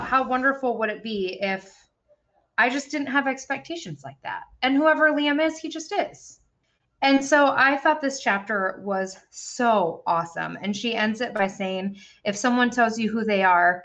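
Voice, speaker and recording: A woman in her thirties co-hosts a podcast, swearing freely as she chats candidly in casual book-club mode about a parenting book. She speaks at normal speed in a fairly high, somewhat bright voice.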